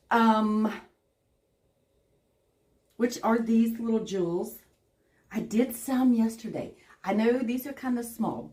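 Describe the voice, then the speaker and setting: Southern lady chatting thru a craft livestream, kinda high voice, takes her time. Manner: chatty, greets viewers by name, laughs often. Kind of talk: casual craft livestream chat. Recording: echoey room.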